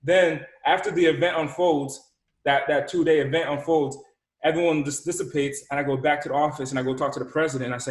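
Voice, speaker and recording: A man from Rhode Island tells a personal story with animated energy, acting out the dialogue and stumbling over repeated words. His voice sits a little high for a man and echoes around the room. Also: a little fast. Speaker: entrepreneur and speaker.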